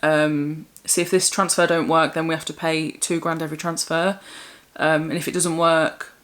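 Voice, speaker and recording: A woman's voice: sits low, little pitch movement, normal speed, a bit bright. A young adult woman from England chatting candidly and in a rambling way as a vlogger. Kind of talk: casual chat.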